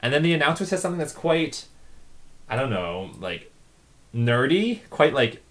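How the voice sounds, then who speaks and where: A man's voice: a little high, normal speed. A man casually commenting on his own comics, chatty with lots of fillers. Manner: chatty, lively, frequent laughs and fillers.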